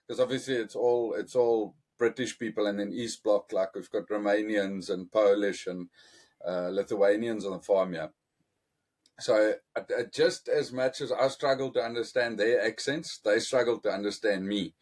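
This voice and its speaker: A South African man with an Afrikaans accent hosting a casual podcast chat, relaxed and swearing freely. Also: on the low side, normal speed. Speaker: podcast host.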